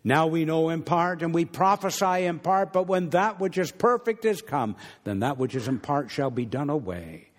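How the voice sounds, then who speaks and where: A man preaching a sermon, dropping low and hushed on some phrases and lifting sharply on others. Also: lively intonation, moderate pace, few pauses. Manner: wide swings between low hushed phrases and raised emphatic ones. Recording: long hall reverb.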